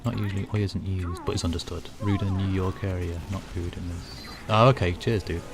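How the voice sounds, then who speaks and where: Low-voiced Northern English streamer. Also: male voice, fairly even intonation, fairly quick, over music. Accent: Northern English, near Scouse. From North of England. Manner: chatty and easygoing, lots of "like" and "you know". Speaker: game streamer. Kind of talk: casual chat while gaming, reading viewer comments.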